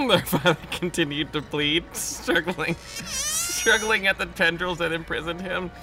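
A man reading a children's horror story aloud in a casual group, animated and quick to react. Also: on the high side, music in the background. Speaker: reader in a group read-aloud.

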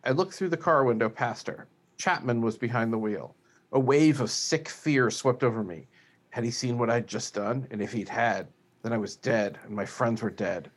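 A man co-hosting a podcast, reading a novel aloud at a quick clip with light character voicing. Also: mid-range voice. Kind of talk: casual read-aloud of a novel.

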